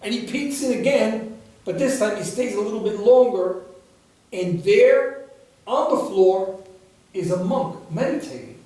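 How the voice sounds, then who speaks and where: A man, a meditation teacher, telling a story in a dharma talk in a gentle, unhurried way. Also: high voice. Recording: echoey room, far from the mic.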